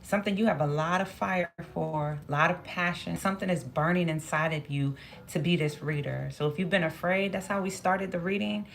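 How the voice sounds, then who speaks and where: As the cards come up, a low-voiced tarot reader thinks aloud, circling back over her words and talking to herself. Her speech is a little fast with a gravelly fry, a faint hiss sits under the recording, and at moments she turns emotional.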